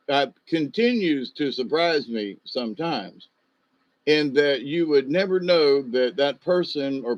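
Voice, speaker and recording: A man's voice: a little high, no echo, dull audio. A man telling rambling, folksy stories in a loose monologue, full of fillers and asides.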